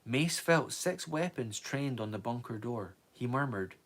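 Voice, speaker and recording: A man reads a novel aloud on a live stream at a steady, even pace. Now and then he stumbles over a word and corrects himself before going on. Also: mid-range voice, measured pace, few pauses. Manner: steady reading with small slips and corrections.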